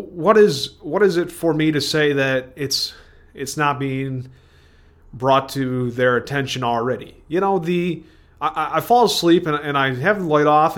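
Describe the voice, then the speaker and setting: A man with a fairly high voice hosts a solo podcast. He rambles from thought to thought in a digressive stream of consciousness, often breaking off mid-phrase and starting again. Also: a bit bright. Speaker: podcast host.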